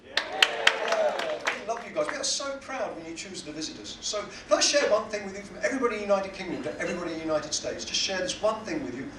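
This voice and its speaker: A man's voice: high-pitched, lively intonation, rapid-fire, few pauses, heavy background noise. A man with a British accent doing stand-up comedy in a cruise ship cabaret lounge, self-deprecating and teasing the audience. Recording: echoey room, heard from a distance.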